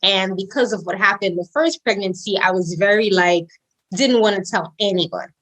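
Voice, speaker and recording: A woman's voice: normal speed, poor audio. A young woman telling a personal story as a podcast guest. She talks casually, with plenty of fillers. When she acts out what others said, her voice jumps way up. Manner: animated storyteller, acts out quoted voices with big pitch jumps; casual, says "like" and "girl" often. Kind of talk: storytelling interview.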